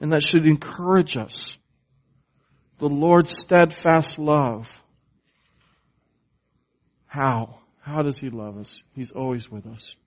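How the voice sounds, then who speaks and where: A man preaching a sermon at an unhurried, deliberate pace, leaning hard on key words and pausing for the congregation. His voice sits a little high for a man, and the recording sounds dull and lo-fi. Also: fairly even intonation. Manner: slow, emphatic preaching with call-and-response questions. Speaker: pastor.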